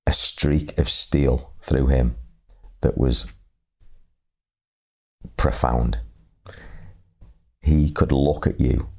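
A middle-aged man telling a reflective story, halting and repeating words in a slow, measured way. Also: very deep voice, mellow. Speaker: speaker sharing lessons on leadership.

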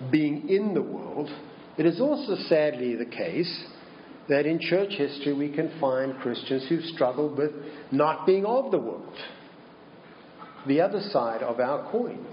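A man preaching a sermon slowly and deliberately, posing rhetorical questions to his congregation. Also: medium pitch, roomy sound, muffled recording, slight background noise. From Minnesota.

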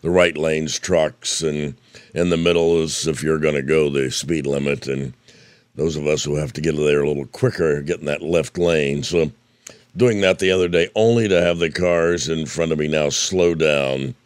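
Older guy from indiana, real deep voice, folksy preaching, kinda hoarse, dry close sound. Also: steady tone, normal speed, no echo. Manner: folksy, storytelling. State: losing his voice. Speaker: radio preacher. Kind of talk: devotional talk.

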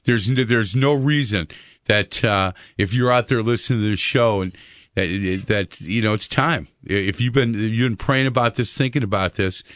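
A man's voice: on the low side, moderate pace, fairly bright tone, no room sound, studio quality. A man hosting a Christian radio talk show, earnest, with many fillers and repeated words.

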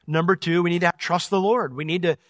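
Animated preacher with a bright, high voice. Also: male voice, fairly quick, no room sound, clean studio sound. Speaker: pastor. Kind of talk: sermon.

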